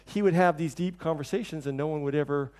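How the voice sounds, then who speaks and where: A middle-aged man preaching a sermon, telling stories and acting out quoted voices with lively shifts. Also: fast. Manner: storytelling, acts out quoted voices with lively shifts in pitch and level. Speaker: pastor.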